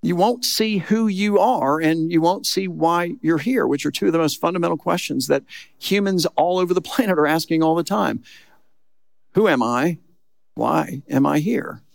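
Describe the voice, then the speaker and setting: A pastor with a fairly high, gravelly voice preaches a sermon at normal speed in a clean studio recording free of room sound. His style is conversational and emphatic, often checking in with listeners using "look" and "okay."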